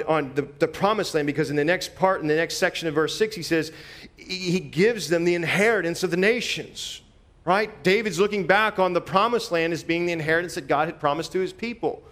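A man delivers a sermon in a loose, conversational style, his voice sitting a little higher than most. He preaches with animation, repeating words and phrases as he works through the passage. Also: brisk, a bit bright.

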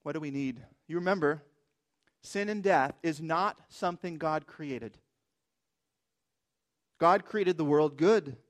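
A man's voice: a little high, takes it slowly, long pauses. A man preaching a sermon as pastor, emphatic and asking rhetorical questions.

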